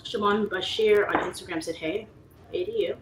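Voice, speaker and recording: A woman's voice: mid-range voice, moderate pace. Chatty woman livestreaming in a roomy space. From United States. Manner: chatty, acts out voices in her stories. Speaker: livestream talk show host. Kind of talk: casual livestream chat reading viewer comments. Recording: roomy echo, faint background noise.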